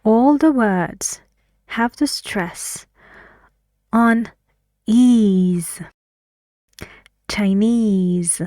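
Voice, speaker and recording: Very slow, dark-voiced woman teacher. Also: medium pitch, no echo. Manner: patient, asks learners questions. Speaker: English teacher. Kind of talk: video lesson explanation.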